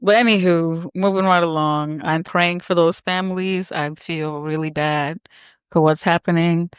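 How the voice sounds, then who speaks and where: Lowish smooth-voiced woman hosting. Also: steady tone, unhurried, dry recording, studio quality. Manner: bossy, teasing, chatty with fillers. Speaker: podcast host. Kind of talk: casual podcast banter.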